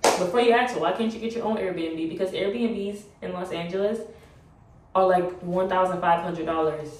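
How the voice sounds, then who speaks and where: A woman's voice: on the low side, darkish tone, recorded from a distance, slight background noise. Woman pleading in an echoey room. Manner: emotional, laughing to keep from crying. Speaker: vlogger. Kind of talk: personal plea to camera.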